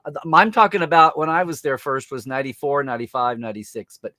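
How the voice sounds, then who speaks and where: A man's voice: medium pitch, animated, quick pace, pushed and bright, no echo, clean studio sound. An American man hosting a casual live-stream chat, rambling with restarts and reading viewer comments aloud. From United States. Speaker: host.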